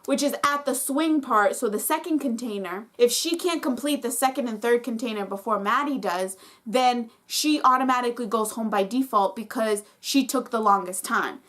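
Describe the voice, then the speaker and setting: A woman with a fairly high voice talks through a reality competition episode as a vlogger. She is casual and opinionated, and she gets fired up and says "like" often. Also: moderate pace, hardly any pauses, a bit bright.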